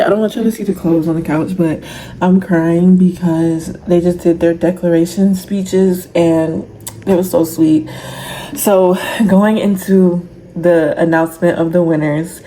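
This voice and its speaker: A young woman chatting casually to camera in a crochet vlog, slangy and animated as she reacts to a TV show. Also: fairly low pitch, a little hiss or hum, rough recording. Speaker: crochet vlogger. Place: home, indoors.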